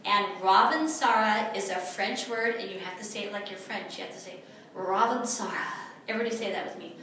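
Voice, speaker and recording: A woman's voice: medium pitch, fast talker, a little hiss or hum. Playful woman presenter in echoey room. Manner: playful, teasing, energetic. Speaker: workshop presenter. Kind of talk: live demonstration to an audience. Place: event room at a retreat. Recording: echoey room, mic far off.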